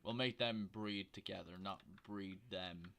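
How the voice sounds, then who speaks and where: A man with a fairly low voice streams a game from home, rambling and joking with his viewers. His quiet desk microphone picks up faint hiss and the clicks of his keyboard. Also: steady tone, measured pace, gravelly. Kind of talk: casual livestream commentary while gaming.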